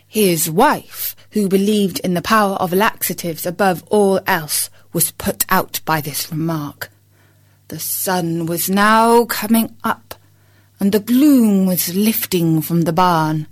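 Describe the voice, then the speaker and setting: A woman reading a fable aloud as the narrator, in a measured storybook style. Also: on the low side. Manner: slow, measured.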